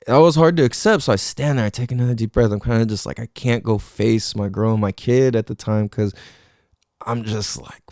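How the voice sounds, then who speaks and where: A man's voice: fairly low pitch, fairly quick, darkish tone, dry recording, clean studio sound. A man hosting a podcast, telling a story casually and swearing a lot. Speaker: podcast host.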